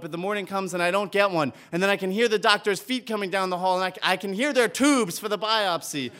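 A man telling a true personal story live on stage, animated and comic, then heartfelt. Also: high voice, fairly quick, few pauses. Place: theater stage before an audience.

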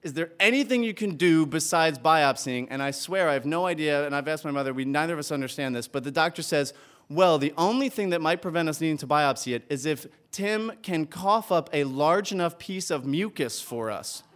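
High-voiced man telling a stage story. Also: a little fast. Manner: animated, comic, builds to heartfelt. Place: theater stage before an audience.

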